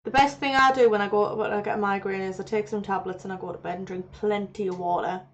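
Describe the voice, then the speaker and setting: A woman in casual podcast chat, her voice in a middle range and her reactions animated. A faint hiss of room noise sits under her. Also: medium pitch, fast. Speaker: podcast host.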